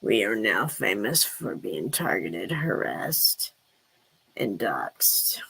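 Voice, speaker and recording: A woman playing a gruff, indignant woman with a drawl, her voice pushed far down by a pitch-lowering filter. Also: big pitch swings, slow, a bit bright, exaggerated voice. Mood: boastful. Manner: low drawling, defiant boasts. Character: gruff indignant Southern woman, suspicious and defiant.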